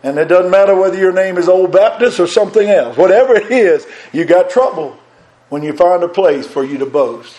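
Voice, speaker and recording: A man delivers a sermon in a fairly high voice. He is fervent, swinging between loud, pressing lines and soft, hushed ones. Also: expressive, fairly quick. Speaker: preacher.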